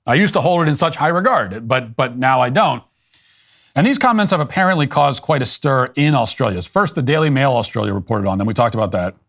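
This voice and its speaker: An American man hosts a commentary show, reading a news article aloud from a script and responding to it in a sardonic, mocking, deadpan manner. As a political commentator, he speaks at a medium pitch and a brisk pace.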